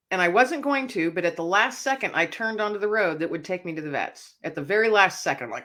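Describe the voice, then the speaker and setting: A woman author being interviewed, telling a personal story in an animated, emotional way. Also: fairly low pitch, quick pace, few pauses. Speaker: author and speaker, guest.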